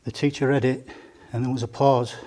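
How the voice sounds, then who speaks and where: A man's voice: medium pitch, little pitch movement, brisk, a little mellow. Father of the bride. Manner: joking, storytelling, teasing the groom. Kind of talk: wedding speech. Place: indoor wedding reception room.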